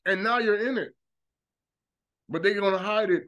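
A man preaching a fervent monologue, mocking opponents by mimicking them in quick asides. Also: sits high, animated, muffled recording. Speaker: religious commentator.

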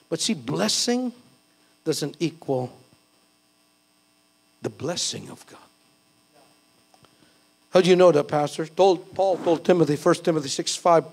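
Middle-aged male pastor, high and gravelly, chatty sermon that swells with fervor. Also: measured pace. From Philippines. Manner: conversational, self-deprecating preaching with bursts of fervor.

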